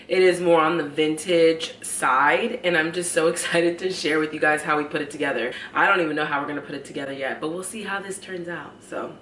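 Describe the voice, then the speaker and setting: A woman's voice: sits low, fairly even intonation, brisk, hardly any pauses, fairly bright tone, roomy sound, slight background noise. A woman in her thirties, chatty and upbeat, talking casually to her channel from home, a little stuffy from a cold. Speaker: vlogger, homemaking channel host. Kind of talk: casual chat to camera.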